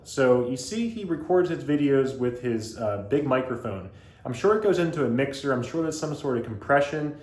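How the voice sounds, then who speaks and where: A man's voice: medium pitch, darkish tone. A man reviewing radio gear, giving an analytical, emphatic explanation as host. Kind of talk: explanatory commentary.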